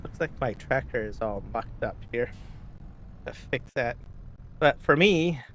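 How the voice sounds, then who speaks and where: A man's voice: mid-range voice, animated, a little slow, fairly bright tone. Rambling man chatting on a live stream. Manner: rambling, keeps asking "right?", clears throat often. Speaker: gaming streamer. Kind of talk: casual live-stream chat.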